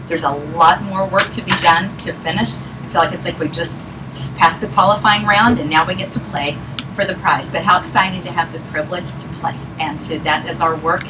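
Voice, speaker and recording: Woman, fairly low voice, encouraging team leader speaking to a room; distant mic and clear noise. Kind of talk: speaking to a live audience.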